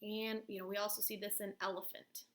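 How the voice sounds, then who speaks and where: In a recorded phonics and spelling lesson, a woman teacher speaks in a level, mid-range voice. She works slowly and patiently, going through letters and sounds one by one.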